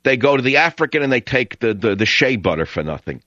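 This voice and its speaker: A man's voice: mid-range voice, big pitch swings, fast talker, sharp tone, no echo. A man hosting a talk radio show, ranting sarcastically and drifting between stories. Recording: dull lo-fi radio sound.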